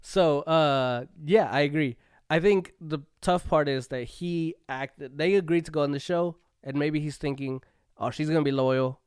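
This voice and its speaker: A man in a relaxed co-host chat, talking in a loose, slangy way and laughing easily. His voice sits a little high and sounds smooth and clean. The recording is close and dry, with no room sound. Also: a little slow, hardly any pauses, no room sound. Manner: laid-back, slangy, laughs often. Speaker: podcast co-host. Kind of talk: casual chat.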